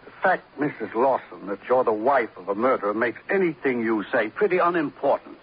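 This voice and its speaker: A man's voice: medium pitch, lively intonation, a little fast, a little hiss or hum, natural voice. An actor playing an arrogant toy company boss who blusters and then begs for his life in an old radio drama. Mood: indignant. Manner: indignant and blustering, breaking into terrified pleading. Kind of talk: 1940s radio acting. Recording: muffled old radio broadcast.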